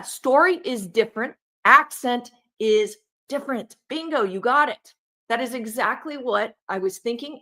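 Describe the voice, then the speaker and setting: Bright-voiced woman giving animated commentary. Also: a little high. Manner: animated, conversational, emphatic. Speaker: livestream co-host. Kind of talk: casual commentary.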